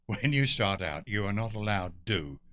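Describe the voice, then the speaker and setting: Speaking in a lowish, somewhat bright voice at normal speed, an older English guest actor animatedly recounts stories during an interview, peppering them with theatrical asides. The audio sounds dull.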